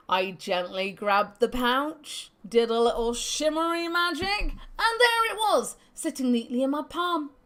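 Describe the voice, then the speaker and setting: A woman's voice: sits high, sharp tone, heavily acted. A woman voicing a boastful old male ex-thief in a grungy put-on accent, reminiscing in a video game.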